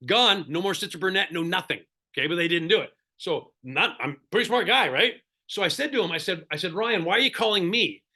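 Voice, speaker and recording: A middle-aged man lectures real estate agents in short, punchy bursts, hammering his points home by saying them twice. His voice sits high for a man and rings bright and forceful. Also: expressive, a little fast. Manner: emphatic, repeats key points; speaks in short punchy phrases. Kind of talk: seminar-style lecture.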